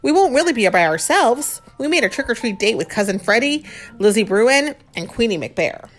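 Woman playing storybook boy cub, eager, excited, lively voice. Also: fairly high pitch, moderate pace, soft background music.

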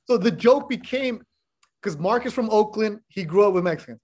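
A middle-aged man with a fairly high-pitched voice talks casually as a guest on a podcast. He tells his stories bluntly and with plenty of animation, dropping the odd swear word along the way. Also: lively intonation, normal speed, darkish tone, slight background noise. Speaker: sports broadcaster, podcast guest. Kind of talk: casual chat.

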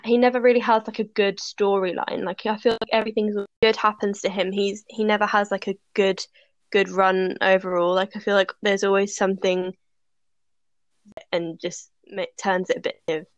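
A woman's voice: medium pitch, level tone, moderate pace, no room sound, dull audio. A young woman co-hosting a casual chat, musing hesitantly with many fillers. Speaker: podcast co-host. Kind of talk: casual chat reviewing a TV episode.

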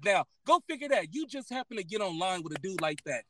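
A high-voiced American man in a heated argument, with a bright, cutting edge to his voice. He is loud and combative, repeats himself as he hammers his points, and swears freely. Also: very animated, fast, a little hiss or hum. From United States. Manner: loud, combative, repetitive, profane.

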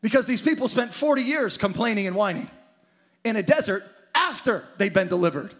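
Man, pastor, high voice, energetic dramatic sermon. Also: a little fast.

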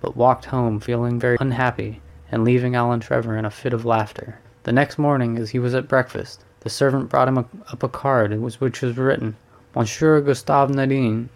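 A man narrating a classic short story in a steady, measured reading. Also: mid-range voice. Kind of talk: audiobook reading.

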